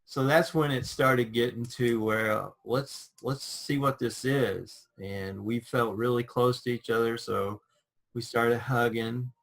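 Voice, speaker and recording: A man co-hosting a casual chat, telling a story with lively acted-out quotes. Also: mid-range voice, unhurried, gravelly. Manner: animated storyteller acting out quotes. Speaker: podcast co-host.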